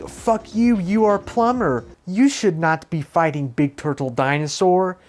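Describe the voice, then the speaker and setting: Someone voicing a cocky high cartoon hedgehog. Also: measured pace, a little mellow, close to an everyday voice. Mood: mocking. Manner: crude, mock broken English, boastful.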